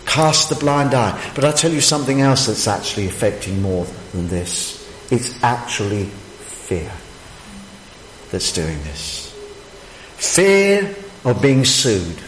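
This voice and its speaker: A man's voice: fairly low pitch, a little slow, a bit bright, a little hiss or hum. A man preaching a sermon, emphatic and full of rhetorical questions. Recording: echoey hall, faint ambience.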